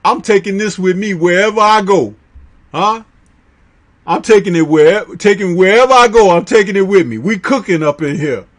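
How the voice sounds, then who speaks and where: A Chicago man with a fairly high voice hosts a live stream chat. He talks loosely in slang and breaks into laughter often. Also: expressive, normal speed. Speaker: livestream host reading chat.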